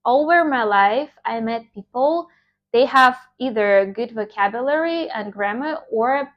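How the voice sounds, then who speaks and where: Animated woman teacher, native Russian speaker. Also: fairly high pitch, measured pace, highs cut off. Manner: emphatic, animated, with filler words and restarts. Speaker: English teacher. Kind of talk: informal motivational lecture.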